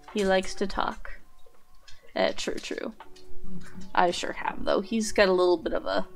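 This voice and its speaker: A woman streaming live as she draws, chatting casually and cooing to her pets. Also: mid-range voice. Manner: chatty, coos and baby-talks to her pets. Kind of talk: casual chat while drawing.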